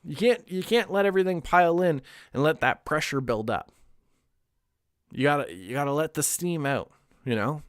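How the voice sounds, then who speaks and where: A man's voice: on the high side, expressive, moderate pace, no room sound, clean studio sound. A young man chatting casually on a livestream, candid and rambling, swearing now and then and laughing often. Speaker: streamer.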